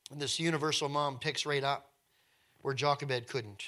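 A male preacher with a mid-range voice speaks at a moderate pace, telling his sermon like an animated story. He shifts from quiet to loud and keeps repeating words.

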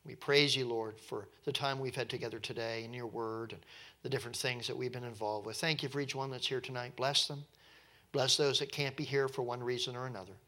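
Bright-voiced, animated male preacher. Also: medium pitch. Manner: conversational, animated, with wry asides. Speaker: pastor. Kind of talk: sermon.

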